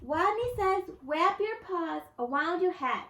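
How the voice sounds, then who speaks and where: A tiny timid rat boy, put on by a woman reading aloud, squeaks his words high and slow and turns every R into a W. The room around him rings with echo. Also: animated, sharp tone, slight background noise, heavily acted. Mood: growing bolder.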